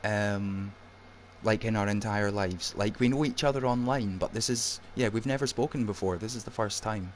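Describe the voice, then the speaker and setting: A man's voice: fairly low pitch, moderate pace, a little hiss or hum. A man with an Edinburgh Scottish accent hosting a casual live stream, chatting loosely and reading out viewer messages with plenty of ums. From Scotland (Edinburgh). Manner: chatty, reads out chat with many ums. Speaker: streamer host.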